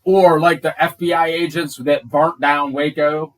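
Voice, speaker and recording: A man co-hosting a casual podcast in a slightly high voice. He talks emphatically, agrees readily and stacks up examples to make a point. His voice sounds some distance from the microphone. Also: fairly even intonation, a little slow, fairly bright tone. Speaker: podcast co-host. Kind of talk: casual chat.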